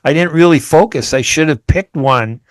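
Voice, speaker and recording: A man's voice: on the high side, moderate pace, clear, resonant tone, no echo. A man hosting a radio interview, chatty and rambling, often restarting his sentences. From United States. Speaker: radio host. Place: radio studio.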